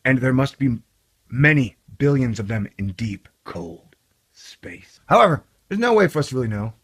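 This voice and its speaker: A man's voice: mid-range voice, a bit bright. A man hosting a casual commentary video, reading an article aloud with sarcastic, rambling, jokey asides. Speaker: video host.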